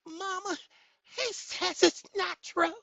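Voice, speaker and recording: A man voicing a cheeky high-voiced heckler who mocks him and calls out to Mama. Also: steady tone, slow pace, vocal fry, bright, forceful tone, no room sound, exaggerated voice. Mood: mocking.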